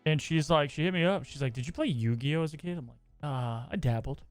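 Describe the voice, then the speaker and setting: A man's voice: fairly high pitch, fast, clear, resonant tone, faint music behind. A man from the American South co-hosting a podcast, telling laid-back, rambling anecdotes. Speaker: podcast co-host. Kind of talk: casual chat.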